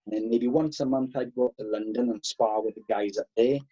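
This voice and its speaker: A man in his thirties, a karate instructor guest, telling animated stories and swearing freely. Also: mid-range voice, brisk, husky, dull audio. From Wales. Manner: animated, swears freely, acts out past exchanges. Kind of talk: casual podcast storytelling.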